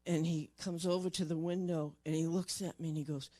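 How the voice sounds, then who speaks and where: An older woman and paranormal investigator, telling a personal story in a halting way, repeating words and dropping soft at tender moments. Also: low-pitched, fairly even intonation, no echo.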